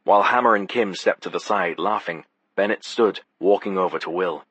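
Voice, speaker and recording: A man's voice: low voice, normal speed, a bit bright, breathy edge, no room sound. A man narrating a first-person audiobook in a wry, sardonic manner.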